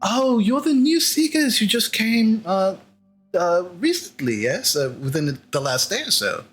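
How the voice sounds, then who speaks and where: A man's voice: sits high, big pitch swings, unhurried, a bit bright, husky, soft background music, voice pushed up, full character voice. Man voicing Bookworm, a flustered polite scholar. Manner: hesitant, effusively polite.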